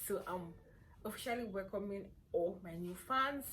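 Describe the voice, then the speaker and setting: A young woman with a Nigerian accent chatting playfully to camera as a vlogger, hoarse from a cold and sore throat. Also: medium pitch, normal speed, pushed and bright, a little hiss or hum. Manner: chatty, playful and self-assured. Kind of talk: casual chat to camera.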